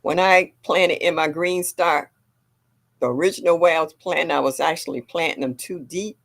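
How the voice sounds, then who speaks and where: A woman's voice: low-pitched, moderate pace, vocal fry. An older woman hosting a gardening livestream, chatting casually and reading viewer comments aloud. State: a little sore.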